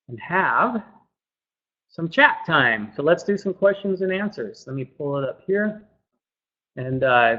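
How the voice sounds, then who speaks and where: A man giving a casual webinar talk through a computer mic, chatty and loose, repeating words and filling pauses with um. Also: a little high. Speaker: webinar presenter. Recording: dull lo-fi webinar audio.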